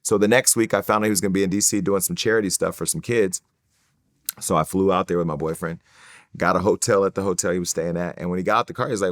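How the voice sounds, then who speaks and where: A middle-aged man, a guest in an interview, telling stories in an animated way, cursing freely and acting out other people's lines. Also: low voice, fast talker, no room sound, clean studio sound. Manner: animated storyteller, swears freely, acts out quoted voices. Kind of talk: storytelling in an interview.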